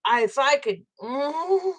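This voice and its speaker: Older woman with a fairly high voice. She talks to her livestream viewers in a blunt, fired-up way and swears freely as she chats. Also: lively intonation, slow pace. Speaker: livestream host. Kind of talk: casual livestream chat with viewers.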